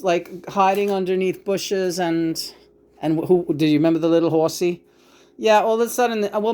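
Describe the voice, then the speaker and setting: A woman's voice: on the low side, darkish tone. Woman vlogger, casual profane rant. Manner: profane, emotional ranting. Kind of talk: casual monologue.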